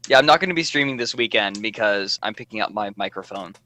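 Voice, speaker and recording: A man's voice: lowish voice, expressive, fast, sharp tone. Rambling young man on a stream. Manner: rambling, self-deprecating, lots of filler "like". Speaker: streamer and show regular. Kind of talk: casual livestream chat.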